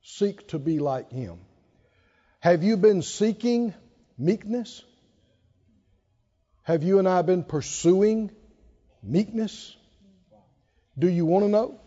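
Male preacher, slow and mellow, quick to laugh, sermon recorded dull in a reverberant hall. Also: sits high, lively intonation. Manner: conversational, laughs often, asks the congregation questions. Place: church or conference hall.

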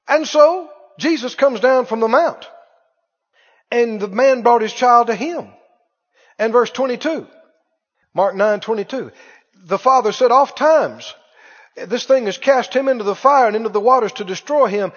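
A man preaching a sermon with emphasis, slowly drawing out quoted pleas and scripture. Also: very high-pitched, expressive. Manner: emphatic, drawn-out quoting of pleas. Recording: dull recording in a reverberant hall.

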